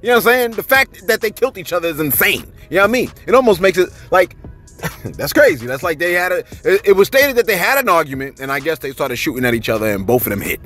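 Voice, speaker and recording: A man hosting casual celebrity news commentary, chatty and animated, often breaking in to ask "you know what I'm saying.". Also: high voice, quick pace, faint music behind.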